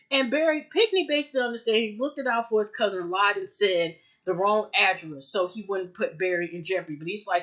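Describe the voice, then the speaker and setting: A woman's voice: medium pitch, lively intonation, brisk, few pauses, fairly bright tone, lo-fi sound. Rambling woman recapping a show. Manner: rambling, filler-heavy retelling with quoted lines. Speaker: TV recap vlogger. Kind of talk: casual episode recap.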